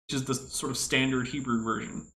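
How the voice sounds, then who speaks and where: A man's voice: medium pitch, fairly even intonation, a little fast, pushed and bright, low-quality recording. A man commenting casually on clips, explaining things at length in an analytical way with frequent asides. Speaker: podcast co-host.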